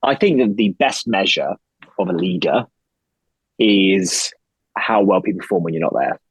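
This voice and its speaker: A man's voice: sits low, expressive, normal speed, husky, no echo, low-quality recording. A man in his thirties talking casually and energetically as a podcast guest, rambling and swearing now and then. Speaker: podcast guest, investor and founder. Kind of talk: casual conversation.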